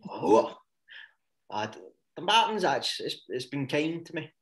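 A man's voice: fairly high pitch, big pitch swings, unhurried, background noise. A man with a Scottish accent, telling rambling, sweary stories in casual podcast chat and breaking into laughs. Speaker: podcast co-host.

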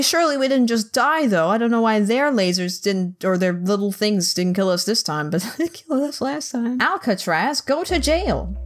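A woman's voice: mid-range voice, lively intonation, moderate pace, slight background noise. A woman hosting a gaming channel, casually commentating her playthrough, joking and talking to the characters on screen. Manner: chatty, joking, reacting aloud and talking to game characters. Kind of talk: casual let's-play commentary.

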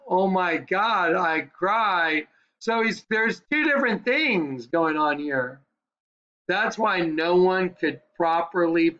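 Guy preaching bible stuff, bright fairly high voice, kinda dull lo-fi sound. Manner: fervent, conversational, repeatedly prompting "ready?". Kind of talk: screen-share Bible teaching.

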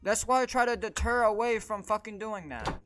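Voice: medium pitch, normal speed, a bit bright, faint music behind. A gaming video creator giving gameplay commentary, frustrated and swearing constantly while ranting at the game.

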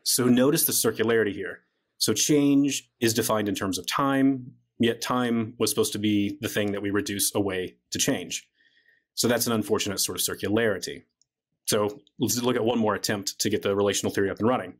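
This is a man with a somewhat low voice. He talks as a guest philosopher in an interview. He lays out his reasoning point by point in a casual, conversational manner, slipping "like" into his sentences as he goes. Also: a little fast. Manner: casual, frequent "like" fillers while reasoning. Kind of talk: explaining an argument in conversation.

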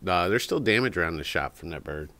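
A man with a low, bright, forceful voice talks fast and expressively. In a casual chat on the podcast he co-hosts from a cigar shop, he spins rambling, filler-laden stories and does a parrot's squawk.

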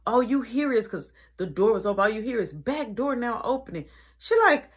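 Husky-voiced young woman telling a story. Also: a little high. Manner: animated, quick shifts between loud and quiet. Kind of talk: casual storytime.

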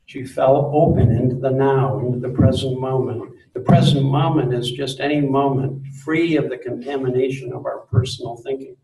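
A man giving a live spiritual talk to an audience, earnest and gently insistent, repeating phrases for emphasis. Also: mid-range voice, steady tone, normal speed, hardly any pauses, slight background noise. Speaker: speaker on spirituality. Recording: roomy, distant mic.

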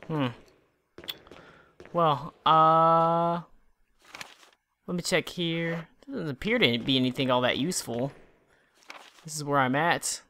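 A let's play gamer swearing and shouting at enemies while commenting on the game to the viewer. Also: mid-range voice. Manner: profane, excitable, yells at enemies on screen; talks to the viewer while playing. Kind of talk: casual gameplay commentary.

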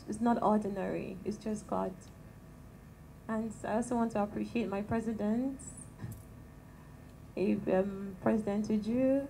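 A Nigerian woman with a tiny, soft voice, praying and speaking calmly and gently to a church women's gathering into a handheld microphone. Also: fairly high pitch, vocal fry, slight background noise, low-quality recording. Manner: calm and gentle, chatty with light laughs. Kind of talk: prayer and talk to a church gathering.

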